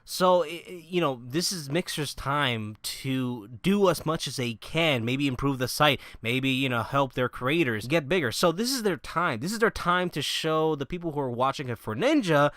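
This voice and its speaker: A man's voice: on the high side, a bit bright, dry recording, studio quality. A man vlogging about gaming news in a casual, profane rant, mocking the people he disagrees with.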